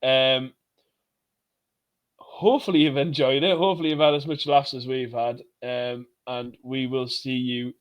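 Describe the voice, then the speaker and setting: A man's voice: mid-range voice, fairly even intonation, a little slow, clean tone. A man hosting a podcast, wrapping up with rambling, jokey repeated thanks. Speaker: podcast host. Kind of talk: casual chat.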